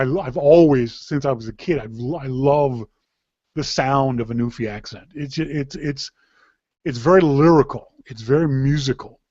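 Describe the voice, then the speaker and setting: A man's voice: a little high, moderate pace, a little mellow, dry recording. A man from Canada hosting a live podcast in a casual, rambling way, with frequent restarts. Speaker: podcast host. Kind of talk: casual chat. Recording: dull, dry lo-fi sound.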